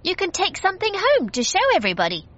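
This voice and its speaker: A woman's voice: very high-pitched, huge pitch swings, fast, fairly bright tone, highs cut off, pitched above the performer's own voice, heavily acted. A woman voicing an eager, helpful young boy in a storybook reading.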